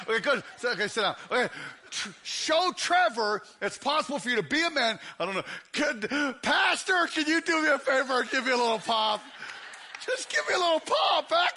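A man preaching a humorous sermon, loud and teasing the congregation. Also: very high-pitched. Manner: loud, joking, teasing the crowd. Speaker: guest preacher.

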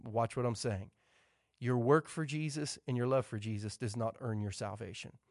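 A man's voice: mid-range voice, fairly even intonation, normal speed, dry recording, clean studio sound. A male pastor preaching a sermon, hammering his points home with emphatic repetition.

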